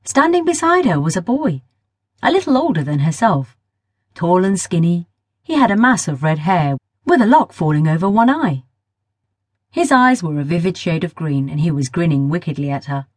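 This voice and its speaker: A woman reading a children's story aloud with a lively, rising-and-falling delivery. Her voice sits fairly low with a slight husk, and the recording is close and dry. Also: normal speed, no echo. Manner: expressive storytelling. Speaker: audiobook narrator. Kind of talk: children's audiobook narration.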